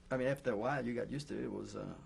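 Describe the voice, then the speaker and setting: An older man recounting his memories in an oral history interview, speaking in a halting way with many pauses and fillers. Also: medium pitch, gravelly, slight background noise. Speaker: Holocaust survivor giving testimony.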